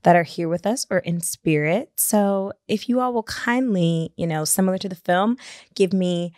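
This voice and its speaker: A woman co-hosting a podcast in casual chat, playful and quick to laugh. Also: lowish voice, a little mellow, dry recording, clean studio sound. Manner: chatty, playful, laughs often. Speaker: podcast co-host.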